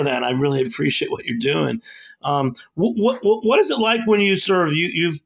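A man hosts a casual interview with a fairly high voice and a gravelly edge. His questions are upbeat and rambling, and he stumbles and restarts often. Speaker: host.

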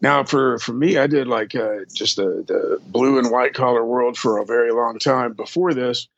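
Man, husky and dry, easygoing storyteller with salty language, voices the people he quotes. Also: medium pitch, normal speed, dry recording, lo-fi sound. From Texas. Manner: rambling, profane, acts out quoted people. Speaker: drum tech. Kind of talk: casual storytelling interview.

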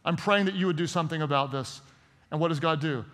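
A man's voice: a little high, quick pace, fairly bright tone, in a large hall. A man preaching a sermon as pastor, emphatic and calling on the congregation to answer back. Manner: emphatic, call-and-response with congregation.

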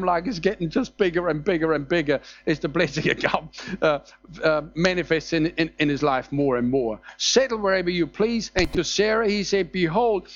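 A man preaching a sermon in a conversational way, reading scripture aloud and stopping to comment on it. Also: on the high side. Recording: slightly dull lo-fi sound.

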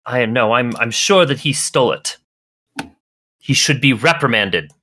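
A game master voicing a young woman alchemist, proud and imperious, with formal, grand phrasing. The pitch moves in lively swings, recorded dry and close. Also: moderate pace, no echo. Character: young haughty woman alchemist, vain and accusing.

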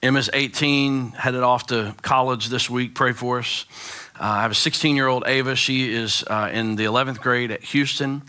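A man in his forties, a pastor giving a sermon with animated, joking storytelling. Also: medium pitch, normal speed. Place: church sanctuary.

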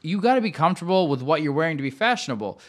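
Fast-talking young man chatting casually. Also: a little high, big pitch swings. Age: young adult. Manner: rambling, fast, filler-heavy talk. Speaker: podcast co-host. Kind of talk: casual chat.

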